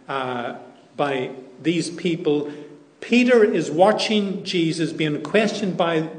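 Slow, emphatic preaching man. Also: fairly high pitch. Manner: deliberate, repeats key phrases for emphasis. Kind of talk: sermon. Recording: echoey room.

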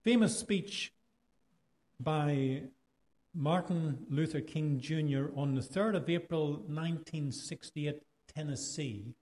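Irish preacher with a mellow voice. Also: male voice, fairly high pitch, takes it slowly. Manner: conversational, rhetorical questions, varied pace. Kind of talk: sermon.

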